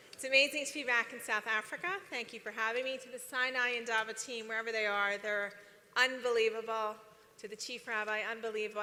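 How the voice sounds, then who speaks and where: A woman giving a conference talk, chatty and animated, often asking the audience questions. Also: on the high side, big-room sound, a little hiss or hum. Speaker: speaker.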